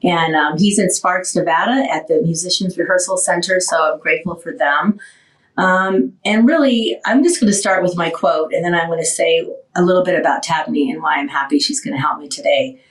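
A woman's voice: fairly low pitch, fairly quick, roomy sound, far from the mic, poor audio. Woman in her sixties, winded. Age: 60s. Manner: emotional, rambling, grateful. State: short of breath. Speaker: radio talk show host. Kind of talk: casual radio chat.

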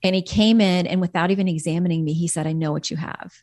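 A woman's voice: lowish voice, steady tone, quick pace, a little mellow, no echo, clean studio sound. A woman earnestly telling a personal faith story as a podcast guest, quoting her own prayers.

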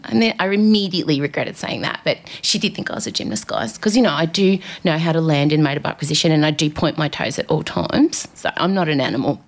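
A woman's voice: on the low side, fast, vocal fry, hardly any pauses. A woman hosting a podcast, telling self-mocking stories in a casual, comedic monologue from a studio. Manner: chatty, self-mocking storytelling. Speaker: podcast host.

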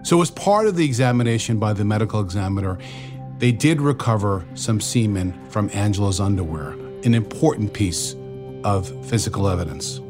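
A man's voice: on the low side, lively intonation, moderate pace, music in the background. A man co-hosting a true-crime show, explaining investigative procedure step by step in a conversational way.

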